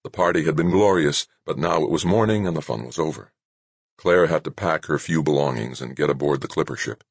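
A man narrating an audiobook in an expressive storytelling manner. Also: extremely low pitch, a little fast, slightly rough, dry recording.

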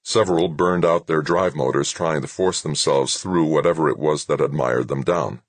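Very deep husky male narrator. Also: no echo. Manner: steady, measured reading. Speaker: audiobook narrator. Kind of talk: scripted narration.

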